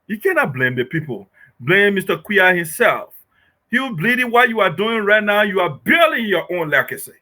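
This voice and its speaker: A man's voice: high voice, very animated, normal speed, bright, forceful tone. A man giving impassioned political commentary, emphatic and rhetorical, often asking "okay?". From Liberia.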